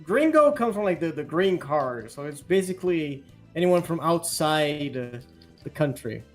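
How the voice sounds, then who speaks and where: A young man with a Brazilian accent, a podcast co-host, chatting casually with profane, excitable outbursts and stumbling repetitions. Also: fairly high pitch, moderate pace, faint music behind. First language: Portuguese.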